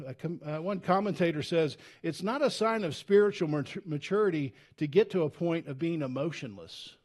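A husky-voiced man preaches a sermon as a pastor in church. His manner is earnest and conversational with frequent restarts, ranging from loud urgency to hushed, low tones.

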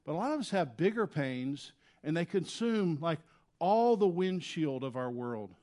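A man preaching a sermon as pastor, earnest and conversational, dropping quiet and then rising loud when he voices desperate prayers. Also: on the high side, expressive, a little slow. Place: church.

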